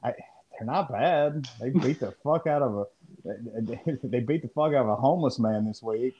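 A man's voice: mid-range voice, moderate pace, dark tone. A man co-hosting a podcast in casual chat, rambling and profane as he riffs. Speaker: podcast co-host. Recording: muffled lo-fi audio.

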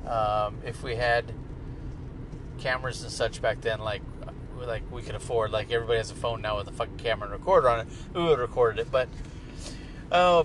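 A man's voice: medium pitch, a bit bright. A middle-aged man hosting a podcast, talking in a casual, profane, joking ramble from inside a moving car. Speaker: podcast host. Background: car and traffic noise.

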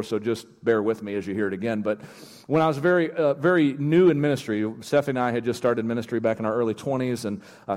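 A male pastor delivering a sermon, emphatic and building to near-shouting, with restarts and chuckles. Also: mid-range voice. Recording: long church-hall reverb.

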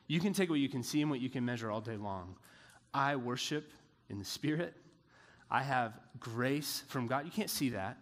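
A man's voice: mid-range voice, fairly quick, fairly bright tone, long reverb tail. A man preaching a casual Bible lesson, talking in a loose, joking way with lots of filler words. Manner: chatty, joking asides with many "like" fillers.

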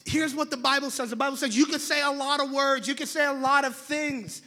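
A young man preaching a sermon in an animated, conversational way, in a large church hall. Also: extremely high pitch, brisk. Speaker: pastor. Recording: long hall reverb.

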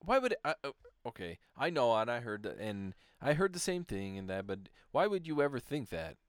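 Relaxed guy co-host, lively intonation, dry close sound. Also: mid-range voice, moderate pace, dry recording. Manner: easygoing, agreeable, laughs often. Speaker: podcast co-host. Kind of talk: casual chat.

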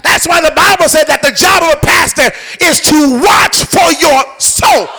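A man preaching as a pastor, shouting and singing out phrases and acting out the voices of the people in his text. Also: very high-pitched, moderate pace, vocal fry, faint music behind. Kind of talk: sermon.

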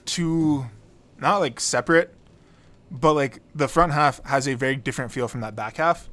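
A man's voice: medium pitch, normal speed, a bit bright. Laid-back man chatting about rap lyrics. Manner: laid-back, swears casually, stammers on restarts. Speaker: podcast co-host. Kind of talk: casual album review chat.

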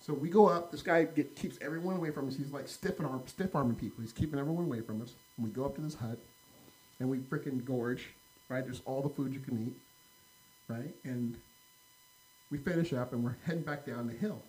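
A man's voice: mid-range voice, a little fast, poor audio. An American man telling a rambling story in casual podcast chat, full of "like" and "right?" fillers. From United States. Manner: animated anecdote-telling, heavy "like" and "right?" fillers.

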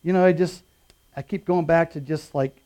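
A middle-aged man preaching in a relaxed, storytelling way, his voice sitting notably high for a man. He jumps from punchy, raised emphasis to soft, almost muttered asides. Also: normal speed. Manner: casual storytelling with lively swings between loud and quiet. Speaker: pastor. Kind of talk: sermon.

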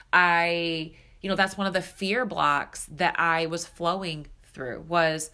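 A woman's voice: lowish voice, bright, forceful tone. A woman hosting her own podcast, talking in a casual, reflective way and often filling with "like" and "you know.". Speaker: podcast host. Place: seated indoors recording.

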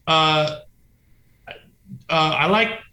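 In a fairly high, bright and forceful voice, he speaks extremely slowly. He's a touring punk musician from the US, casually swapping rambling, profane stories and imitating quoted voices, recorded with a roomy echo.

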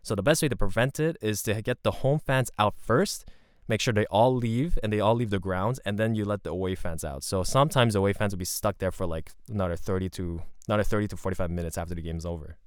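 A man telling a rambling, profane story in a casual, animated way. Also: lowish voice, fast, clean tone, dry recording, clean studio sound.

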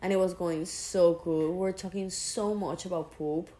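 A woman's voice: on the low side, steady tone, normal speed, dark tone. A woman with a Hispanic accent and a sore throat, co-hosting a casual podcast with her girlfriend, talkative and teasing. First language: Spanish. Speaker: podcast co-host. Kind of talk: casual chat.

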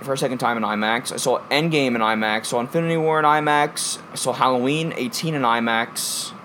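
Young man telling profane, animated stories. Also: medium pitch, brisk, slight background noise. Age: young adult. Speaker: podcast co-host. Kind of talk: casual chat.

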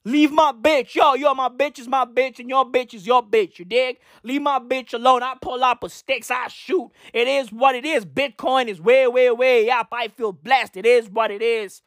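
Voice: high voice, steady tone, normal speed, hardly any pauses, fairly bright tone, no room sound, clean studio sound, pitched above the performer's own voice. A speaker doing a swaggering threatening rapper. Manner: repetitive, menacing bragging, profane.

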